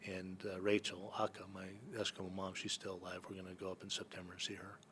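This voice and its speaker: A man's voice: low voice, monotone, fast talker, noisy background. A man from Northern California, a podcast guest, telling rambling stories with many fillers and restarts. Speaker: guest, entrepreneur and hunting guide. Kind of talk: casual storytelling in a podcast interview.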